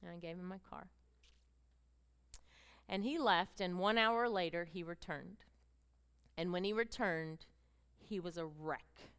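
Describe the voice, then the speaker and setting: A woman's voice: fairly low pitch, a little slow, pauses often, fairly bright tone, clear, resonant tone. A middle-aged woman giving a personal testimony to a women's gathering on stage, telling her story with feeling and acting out the dialogue. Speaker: speaker addressing a women's gathering. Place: stage presentation with slides.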